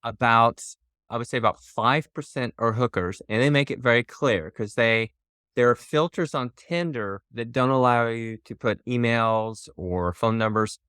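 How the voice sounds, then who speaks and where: A man's voice: mid-range voice, normal speed, a bit bright, clean tone, dry recording, clean studio sound. A man in his fifties, a podcast guest chatting candidly and laughing easily. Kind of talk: casual podcast conversation.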